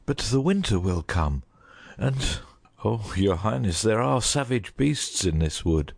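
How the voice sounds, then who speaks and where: A man's voice: fairly low pitch, big pitch swings, measured pace, gravelly, breathy edge, heavily acted. A man voicing a loyal, anguished huntsman in a dramatized audiobook, emotional and torn. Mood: worried.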